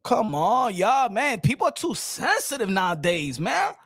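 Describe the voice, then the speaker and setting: A man hosting a boxing livestream, loud and joking, switching between languages while reading super chats. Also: sits high, wildly swooping pitch, moderate pace, breathy edge, no echo, studio quality. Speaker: boxing show host.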